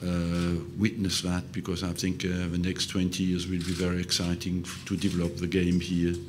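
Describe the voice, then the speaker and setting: An older man, a football manager, answering press questions slowly and hesitantly, with many fillers. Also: low voice, completely flat delivery, a little hiss or hum.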